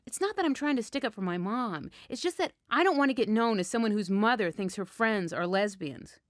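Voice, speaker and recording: A woman telling a first-person story in a frank, wry, deadpan way. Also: mid-range voice, brisk, no echo, studio quality.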